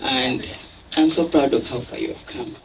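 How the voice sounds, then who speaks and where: A woman's voice: rumbling low, normal speed, creaky. A woman with a Ugandan accent giving an emotional thank-you speech at an event. She laughs often and mixes English with Luganda. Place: event venue. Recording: distant mic with a crowd behind.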